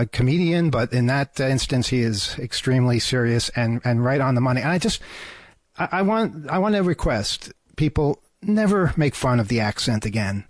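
A man's voice: mid-range voice, no room sound. A man hosting an FM radio talk show, speaking in an earnest, hesitant way from a studio. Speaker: radio host.

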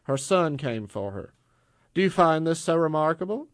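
A man's voice: a little high, very animated, no room sound, clean studio sound, pitched above the performer's own voice. A man playing a teasing, seductive powerful woman. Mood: taunting. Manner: teasing, taunting, quick patter.

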